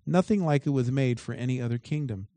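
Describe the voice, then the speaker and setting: A man's voice: mid-range voice, quick pace, dark tone, dry recording. A man preaching a sermon as pastor. He reads scripture aloud and breaks off into emphatic asides.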